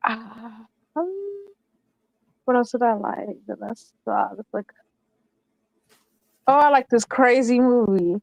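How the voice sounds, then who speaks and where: High-voiced chatty woman on a call. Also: animated, slow pace, gravelly, long pauses, no room sound, lo-fi sound. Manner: chatty, rambling with many fillers. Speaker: call-in panelist. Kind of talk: casual chat.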